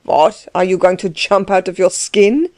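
A woman's voice: medium pitch, moderate pace, darkish tone, no room sound, lightly acted. Woman voicing Dellwig, a curt, bullying man. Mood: brusque. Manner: curt, pushy questioning. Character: gruff, overbearing middle-aged man, blunt and menacing.

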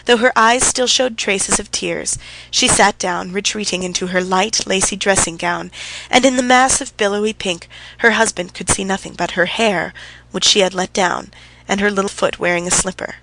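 A woman reading a classic story aloud as an audiobook narrator, with a steady, even delivery. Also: mid-range voice, normal speed, creaky, rough recording. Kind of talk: scripted narration.

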